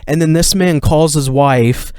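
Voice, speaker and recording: A man's voice: a little high, unhurried, a little mellow, smooth, no echo, clean studio sound. A young man co-hosting a podcast, retelling a story in casual chat, heated and profane, full of fillers. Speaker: podcast co-host.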